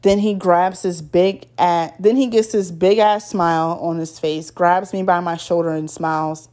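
Lowish-voiced woman telling a story. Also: steady tone, unhurried, a little mellow. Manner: casual, slangy storytelling. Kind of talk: reading a first-person story aloud.

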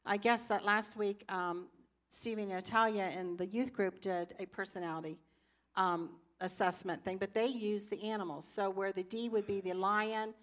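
A woman's voice: medium pitch, fairly even intonation, moderate pace. An older woman speaking in church, teaching through personal stories and acting out her own past reactions. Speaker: pastor's wife teaching.

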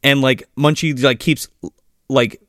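A man's voice: medium pitch, slow, no room sound, studio quality. A man in casual podcast chat, animatedly retelling a movie scene by scene, swearing freely and acting out the characters. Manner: animated storyteller, acts out characters, swears a lot, frequent "like".

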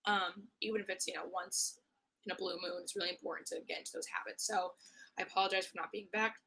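A young woman hosting a casual solo podcast, her voice hoarse and worn, chatty and swearing often with mock-aggressive rants. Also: mid-range voice, fairly even intonation, quick pace, sharp tone, low-quality recording. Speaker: podcast host.

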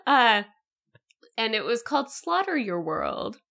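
Animated chatty woman co-host. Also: on the high side, a little slow, gravelly. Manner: animated, tangent-prone, laughs often. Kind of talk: casual podcast chat.

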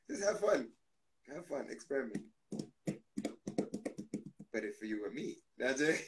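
A man's voice: mid-range voice, a little hiss or hum, low-quality recording. A man, chatting playfully as an interview guest, joking, laughing often and using lots of slang. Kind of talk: playful casual interview chat.

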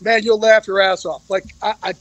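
Candid, emotional man, high voice. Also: flat delivery, brisk, fairly bright tone, no echo, poor audio. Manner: candid, emotional, swears freely, repeats himself. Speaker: guest. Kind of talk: casual podcast interview.

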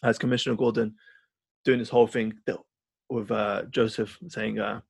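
Husky-voiced man rambling about films. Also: fairly low pitch, moderate pace, no room sound. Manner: rambling, animated storyteller with many fillers. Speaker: podcast co-host. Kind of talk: casual film chat.

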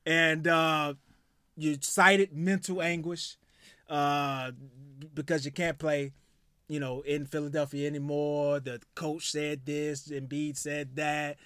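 A man with a high voice rants in a heated, profane sports monologue, tripping over repeated words as he builds up steam. His voice sounds dry and close, with no room around it. He talks like a co-host who has been waiting to say this for a long time. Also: a bit bright, no room sound. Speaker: podcast co-host. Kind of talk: casual sports talk and rant.

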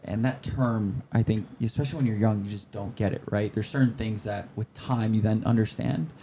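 A man in his twenties, a podcast guest, telling heartfelt stories in an earnest, halting way. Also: on the low side, fairly even intonation, dark tone, a little hiss or hum. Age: 20s. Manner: halting, searching for words. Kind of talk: casual interview chat.

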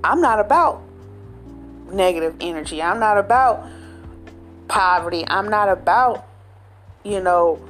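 A woman vlogger talking straight to her viewers in a casual, animated, slang-filled way, often tagging lines with "okay?". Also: a little high. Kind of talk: casual direct-to-camera chat.

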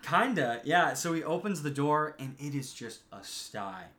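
A man casually recapping a film plot with lots of fillers, animated like a storyteller. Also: fairly high pitch, measured pace.

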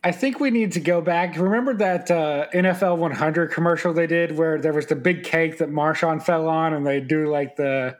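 A man co-hosting a sports podcast in casual chat, telling stories and slipping into quick mock voices. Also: on the high side. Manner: animated storyteller, does quick mock voices. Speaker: podcast co-host.

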